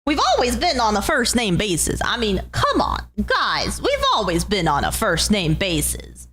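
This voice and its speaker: A woman's voice: mid-range voice, huge pitch swings, normal speed, a bit bright, husky, soft background music. A woman streamer chatting casually with her viewers in a doting, rambling way.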